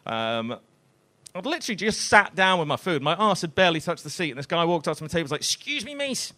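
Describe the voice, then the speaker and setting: A man doing stand-up in a comedy club, speaking into a handheld mic. His voice sits a touch higher than most men's, and he delivers his stories in a dry, deadpan way with plenty of swearing. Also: quick pace. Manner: deadpan, swearing, self-deprecating storytelling.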